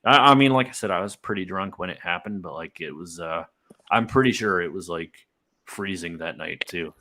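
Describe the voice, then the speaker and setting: Rambling young man, low voice. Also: moderate pace, pushed and bright. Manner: rambling, filler-heavy storytelling with laughs. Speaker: podcast host. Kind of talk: casual chat.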